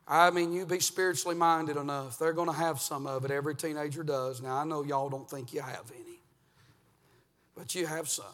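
Fiery preacher, echoing hall. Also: male voice, on the high side, fairly even intonation, a little fast. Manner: swings from hushed to shouted preaching. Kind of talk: fiery revival sermon. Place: church sanctuary.

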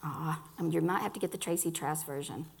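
An earnest woman gives a personal faith testimony to a gathering of women, speaking right to them. Her voice carries a gravelly fry, and she restarts phrases as she talks. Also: sits low, brisk, a little hiss or hum. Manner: earnest, addresses listeners directly, restarts phrases.

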